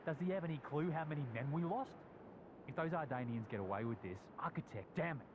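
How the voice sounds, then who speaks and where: A man's voice: fairly high pitch, fast, close to an everyday voice. An actor voicing a disgruntled male foot soldier with an Australian accent, complaining bitterly. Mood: angry. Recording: muffled distant game audio with noise.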